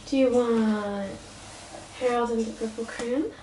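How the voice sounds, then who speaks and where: A woman's voice: on the high side, fairly even intonation, a little slow, warm tone, a little hiss or hum. A woman reading a picture book aloud to a small child at home in a playful sing-song way, making animal noises. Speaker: parent reading to a toddler. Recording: roomy home recording from a distance.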